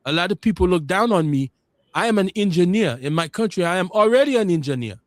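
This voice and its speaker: A man's voice: high voice, animated, fast, no room sound, clean studio sound. A man putting on a proud immigrant engineer with an African accent. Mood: earnest.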